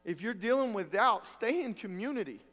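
High-voiced preacher in a reverberant hall. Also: male voice, expressive, moderate pace. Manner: earnest, wry humor, swings between loud emphasis and soft asides. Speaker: pastor. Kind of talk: sermon.

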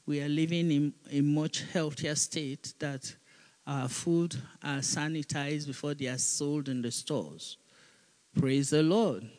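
A woman's voice: deep voice, a little mellow. A woman pastor preaching a sermon, reading scripture aloud and calling on the congregation to repeat after her. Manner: reads scripture aloud, pausing for responses. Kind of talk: sermon with call-and-response.

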